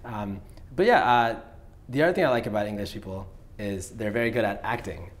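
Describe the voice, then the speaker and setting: A man hosting a casual interview, curious and eager, quick to laugh. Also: on the low side. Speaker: host.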